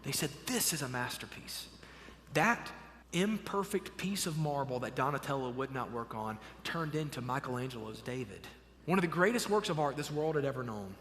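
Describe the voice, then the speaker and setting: A man preaching a sermon as a pastor, telling a story with animated swells and hushed drops. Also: mid-range voice, fairly quick, big-room sound, slight background noise. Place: church sanctuary.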